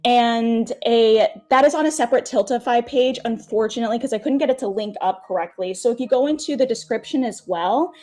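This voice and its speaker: A woman with a fairly high voice runs through donation incentives as host and game master of a charity stream. She sounds upbeat and grateful, keeping it chatty with a few fillers. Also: brisk, few pauses, mellow.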